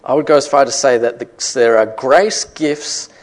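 Brief: male preacher, middle pitch, emphatic sermon delivery with rhetorical questions. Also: moderate pace. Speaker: pastor.

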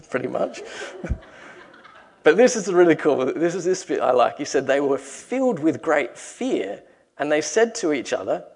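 A man's voice: medium pitch, lively intonation, normal speed, creaky, darkish tone, husky. Man preaching a conversational sermon. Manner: conversational storytelling, acts out quoted lines.

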